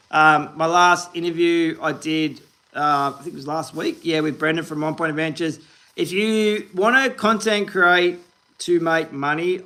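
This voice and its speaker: A man's voice: fairly high pitch, sharp tone. An Australian man in his forties, hosting a fishing livestream, chatting upbeat and rambling while reading viewers' comments and greeting them by name. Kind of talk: casual live-stream chat reading comments.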